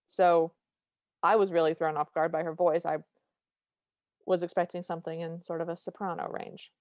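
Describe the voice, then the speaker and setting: A woman's voice: lowish voice, little pitch movement, moderate pace, a little mellow, no echo. A woman co-hosting a podcast, retelling a cartoon's plot in casual chat with wry asides. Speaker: podcast co-host.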